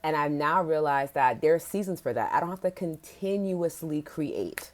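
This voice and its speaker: A woman's voice: deep voice, expressive, moderate pace. A woman hosting a casual livestream podcast, talking candidly and chattily with frequent "like"s and casual swearing. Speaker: podcast host.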